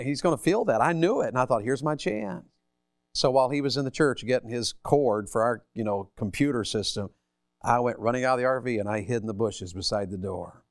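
A man's voice: mid-range voice, no room sound, studio quality. A man preaching a sermon, telling folksy stories and asking the congregation rhetorical questions.

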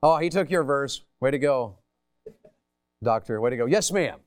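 Lively preacher man. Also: medium pitch, normal speed, clean tone, no echo, studio quality. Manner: calls on the audience, folksy and teasing. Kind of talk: interactive sermon. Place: church hall.

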